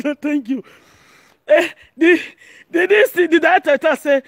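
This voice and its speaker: A Nigerian woman from Edo giving an animated monologue as an online commentator, excitable and often shouting and laughing. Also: high-pitched, a little slow, pauses often, dry recording, studio quality.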